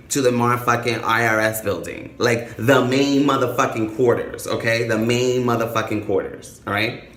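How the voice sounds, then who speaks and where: A man telling a story to camera in a casual vlog, animated and dramatic, with lots of swearing. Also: mid-range voice, echoey room. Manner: animated, profane, dramatic retelling. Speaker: vlogger.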